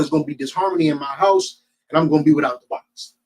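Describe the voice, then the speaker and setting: Husky, animated New Jersey man preaching. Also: a little high, fast talker, rough recording. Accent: New Jersey Black American. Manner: colloquial, animated storytelling with acted quotes. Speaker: street teacher of scripture. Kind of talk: street preaching and scripture teaching.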